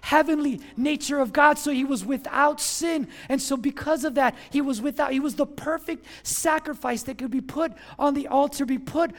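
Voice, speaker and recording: A high-pitched preacher delivering a Sunday sermon with mounting passion. The voice swells into shouts at the big points and calls on the congregation to answer back. It sounds like a live church service. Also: moderate pace, hardly any pauses. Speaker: pastor.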